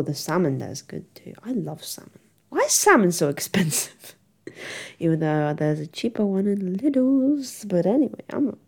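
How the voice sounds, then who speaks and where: A woman's voice: on the low side, a little mellow. A young woman, chatting casually to camera in a giggly, rambling, self-mocking way. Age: young adult. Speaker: vlogger.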